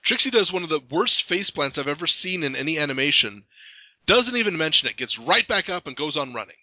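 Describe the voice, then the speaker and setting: A man's voice: on the high side, big pitch swings, fast talker, pushed and bright, no room sound, poor audio. A young man hosting a fan podcast, enthusiastic and playful, with stammering restarts. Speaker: podcast host. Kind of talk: casual podcast interview.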